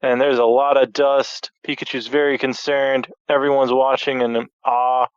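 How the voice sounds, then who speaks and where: A man's voice: medium pitch, flat delivery, moderate pace, smooth, no room sound. A man co-hosting a podcast, retelling a cartoon battle with crude jokes. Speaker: podcast co-host. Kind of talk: casual episode recap. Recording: dull, dry lo-fi mic.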